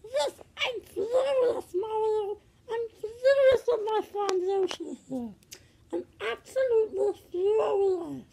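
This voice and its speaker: A woman's voice: extremely high pitch, slow, creaky, warm tone, exaggerated voice. A woman voicing a whiny young Yoshi with a broken nose, sobbing and indignant in a toy skit. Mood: furious. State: crying.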